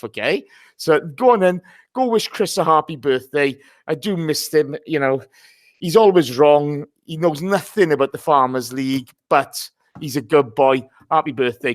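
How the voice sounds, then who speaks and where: A man's voice: fairly high pitch, no echo, clean studio sound. A man hosting a casual football podcast, chatty and greeting listeners by name. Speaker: podcast host.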